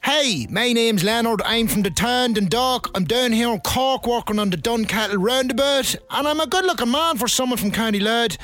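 A man's voice: very high voice, normal speed, hardly any pauses, fairly bright tone. An actor playing a cocky, boastful man from Dundalk in a comedy radio sketch. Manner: boastful, aggrieved.

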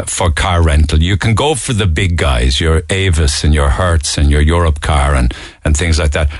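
A man with a Cork Irish accent talks on his radio show in a low, deep voice. He rambles through a story with many fillers and false starts, casual and conversational. The sound is dry and close to the microphone. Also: dry recording. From Ireland. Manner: rambling, full of fillers and restarts. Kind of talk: casual radio talk, telling an anecdote. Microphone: studio microphone.

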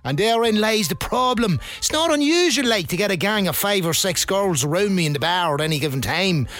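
A man's voice: high-pitched, lively intonation, a little fast, fairly bright tone, soft background music. An actor playing a cocky, boastful man from Dundalk in a comedy radio sketch. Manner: boastful, aggrieved.

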